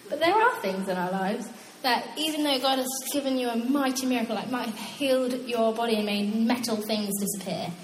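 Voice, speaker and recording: A young woman preaching a casual, animated sermon, chatty and quick to laugh at her own asides. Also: a little high, slight background noise. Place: church hall. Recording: echoey hall with long reverb.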